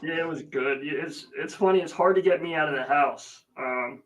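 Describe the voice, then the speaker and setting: This man's voice sits a little high and moves at normal speed, though the audio is poor. Hosting a relaxed livestream, he wanders chattily through a story about his family, peppering it with fillers and greeting viewers by name.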